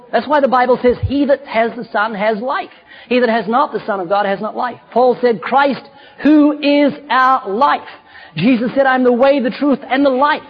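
A man with a fairly high, husky voice preaches with fervour, his lines rising to loud, shouted emphasis. The recording sounds somewhat muffled and dull. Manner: fervent, rising to shouts on key points. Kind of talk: sermon.

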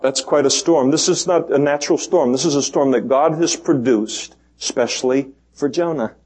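A man's voice: medium pitch, normal speed, hardly any pauses, darkish tone, breathy edge, low-quality recording. A male pastor preaching verse by verse in a conversational way, chuckling between points. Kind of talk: expository sermon.

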